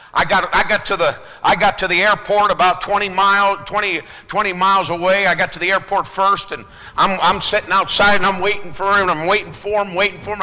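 Man, pastor preaching, high voice, piercing bright tone, loud then hushed, long hall reverb. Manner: swings between loud preaching and hushed low asides. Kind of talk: sermon.

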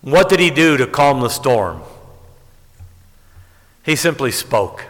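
A man preaching a sermon, telling stories and rising to emphatic high peaks. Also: very animated, slow pace, a bit bright. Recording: long hall reverb.

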